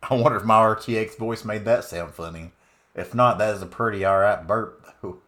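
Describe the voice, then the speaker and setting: A man voicing a loud, folksy rural Southern man with a put-on Southern US accent, drawling and hollering through gameplay commentary. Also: fairly low pitch, brisk, natural voice. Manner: drawling, hollering, swearing exclamations. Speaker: card game streamer.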